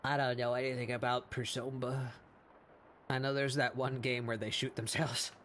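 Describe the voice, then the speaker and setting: A man hosting a casual art live stream, hoarse after hours of talking, rambling with fillers and laughs. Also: mid-range voice, little pitch movement, moderate pace, a bit bright, a little hiss or hum. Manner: rambling and self-deprecating, with frequent fillers and laughs. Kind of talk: casual live-stream chat while drawing.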